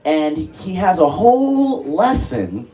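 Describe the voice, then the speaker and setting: A man's voice: fairly high pitch, very animated, slow pace, mellow. A man leading a live music workshop, coaxing the group along and laughing often. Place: workshop room with live audience.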